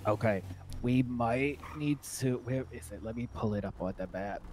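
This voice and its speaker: A man's voice: mid-range voice, moderate pace, a little mellow, slight background noise. A man playing alongside a streamer in a role-play game, chatting in character with dry jokes. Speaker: fellow role-play player.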